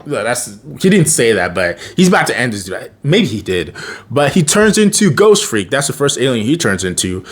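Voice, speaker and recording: Man, cartoon reviewer, casual recap, rambling delivery, very animated pitch, mid-range voice. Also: normal speed. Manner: rambling, full of fillers and restarts.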